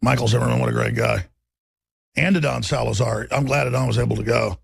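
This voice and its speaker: A man's voice: medium pitch, steady tone, fast, creaky, husky, dry recording. A man hosting a talk radio show, delivering an intense, rambling, emphatic monologue.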